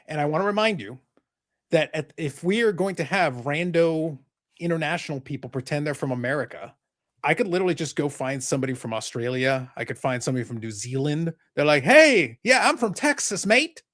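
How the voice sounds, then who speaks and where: A man's voice: fairly high pitch, brisk. A man hosting a live podcast, talking casually in a rambling, sarcastic, joking way. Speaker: podcast host.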